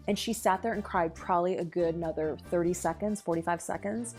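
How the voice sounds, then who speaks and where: A woman's voice: fairly low pitch, brisk, a little mellow, faint music behind. A middle-aged woman, a lactation consultant and dietitian, speaking earnestly and eagerly as a podcast guest. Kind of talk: podcast interview.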